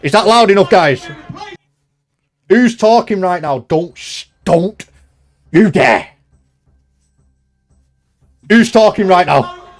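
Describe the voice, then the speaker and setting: A man's voice: high-pitched, animated, slow pace, pauses often, soft background music. A young man live-streaming from home, chatting loosely and reading out viewer comments. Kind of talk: casual live-stream chat.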